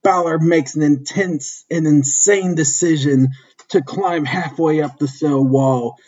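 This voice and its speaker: A man narrating a fan-written wrestling story in a steady, plain reading voice, husky, on a dull lo-fi recording. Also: on the high side, measured pace.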